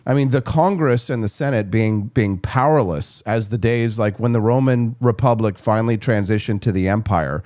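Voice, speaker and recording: A man's voice: fairly low pitch, normal speed, few pauses, darkish tone, no echo. Emphatic male host with a dry sound. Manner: emphatic, restarting often. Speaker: show host. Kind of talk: interview conversation.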